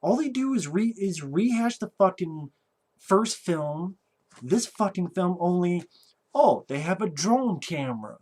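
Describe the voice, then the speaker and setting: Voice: mid-range voice, very animated, a little slow, darkish tone. Sarcastic reviewer ranting about a movie, swears a lot, blunt and casual. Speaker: film reviewer.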